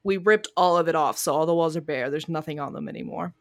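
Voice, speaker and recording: Swearing, animated woman podcast co-host. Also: deep voice, fast talker, no room sound, studio quality. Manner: animated storytelling, swearing freely, yelling in retold quotes. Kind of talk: casual chat. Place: home garage studio.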